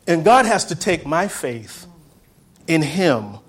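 A man preaching a sermon in a church, repeating phrases and calling on the congregation to respond, swinging from loud outbursts to hushed words. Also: fairly high pitch, very animated, slow pace, husky.

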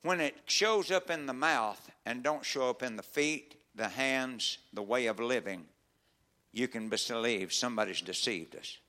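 A man preaching a sermon, moving from quiet, measured teaching to loud, near-shouted preaching, with stammers and repeated words. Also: medium pitch.

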